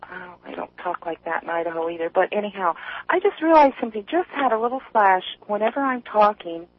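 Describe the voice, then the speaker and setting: Woman, radio caller, from east tennessee, chatty and rambling, husky voice, tinny phone line. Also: mid-range voice, animated. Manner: chatty, rambling, quick to laugh. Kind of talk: casual call-in chat.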